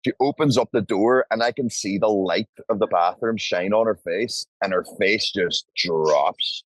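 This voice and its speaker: This podcast guest speaks a little slowly in a lowish voice as he tells a wild story, impersonating the people involved and swearing freely. It's a dry recording from a podcast studio mic, and it sounds rough.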